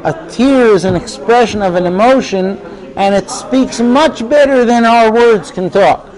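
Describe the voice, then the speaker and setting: A man's voice: sits high, a little mellow, low-quality recording. A man teaching an informal Torah class in a chatty, storytelling way. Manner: conversational, digressive, tells stories.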